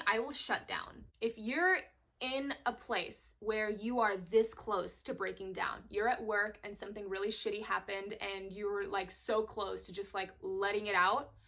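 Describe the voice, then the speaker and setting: Bright-voiced young actress telling stories. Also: female voice, medium pitch. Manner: casual, expressive storytelling with swearing. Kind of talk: candid vlog advice.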